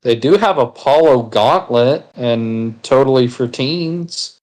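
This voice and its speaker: A man's voice: medium pitch, lively intonation, slow, a little mellow, low-quality recording. A man chatting casually with friends while gaming, rambling and teasing with casual swearing. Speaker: gaming video co-host.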